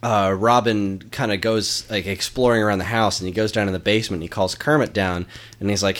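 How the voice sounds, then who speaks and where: Enthusiastic, laughing man with a low voice. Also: steady tone, brisk, a bit bright. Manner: enthusiastic, laughs often, many fillers. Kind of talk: casual chat.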